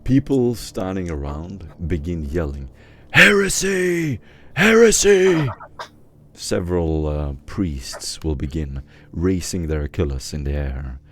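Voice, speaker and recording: A man narrating a tabletop role-playing game as game master, describing scenes in an unhurried way with fillers. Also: rumbling low, dark tone.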